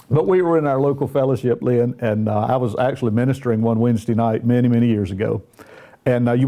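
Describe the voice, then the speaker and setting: This middle-aged minister from the Southern United States has a mid-range voice with a dark tone. On a casual Christian talk show, he tells folksy stories that poke fun at himself.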